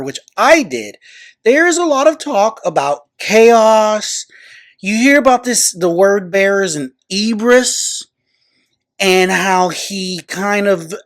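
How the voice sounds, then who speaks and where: Male host, unhurried casual book reviewer, rambles and corrects himself mid-sentence. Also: high-pitched. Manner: rambling, self-correcting, unsure of names.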